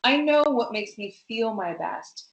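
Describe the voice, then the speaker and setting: A woman guest talking about food boundaries in a casual interview, emphatic and animated, with lots of fillers. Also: on the high side, a little slow, echoey room, lo-fi sound. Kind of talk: casual conversation.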